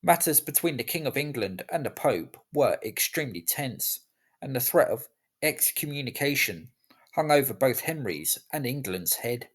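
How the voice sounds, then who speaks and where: A man giving scripted history narration in a measured, even storytelling delivery. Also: mid-range voice, husky.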